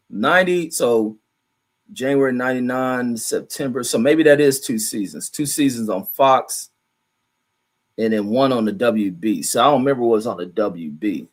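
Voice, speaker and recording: A middle-aged man hosting a casual livestream, rambling loosely and profanely while he reads viewer comments aloud and reacts to them. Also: mid-range voice. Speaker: livestream host reading chat.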